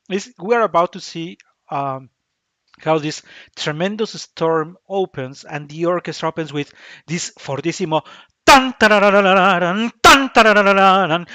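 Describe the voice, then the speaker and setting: A man's voice: on the high side, fairly bright tone, no room sound. A man hosting an opera vlog, talking casually and passionately as he explains a performance, often restarting his sentences. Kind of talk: casual commentary while watching a performance.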